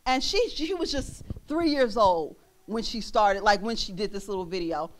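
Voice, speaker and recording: A young woman minister preaching a sermon in a church, animated, laughing often and breaking into song. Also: mid-range voice, normal speed.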